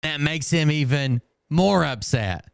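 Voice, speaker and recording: A man's voice: on the high side, animated, a little slow, creaky, smooth, dry recording. A man hosting a commentary show, dropping dry, sarcastic asides over clips. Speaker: host.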